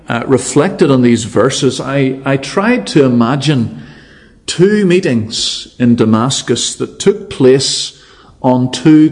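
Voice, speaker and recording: A man's voice: medium pitch, darkish tone. A man preaching an evening sermon, emphatic and fond of rhetorical repetition.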